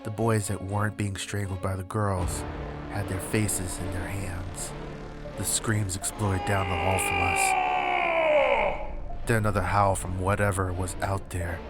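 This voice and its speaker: A man narrating a horror story in a steady, suspenseful way. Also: low voice, a little slow. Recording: loud background music.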